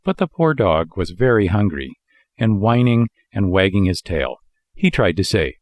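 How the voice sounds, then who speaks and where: A man reading a children's audiobook with lively, expressive storytelling. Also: on the low side, moderate pace, dry recording, clean studio sound. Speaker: audiobook reader. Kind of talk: scripted narration.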